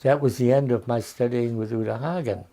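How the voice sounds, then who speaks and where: Elderly male raconteur in his eighties, lively and chuckling, on a video call from home. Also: medium pitch, brisk, very noisy. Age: 80s. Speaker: interview guest, veteran actor. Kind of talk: anecdotal storytelling.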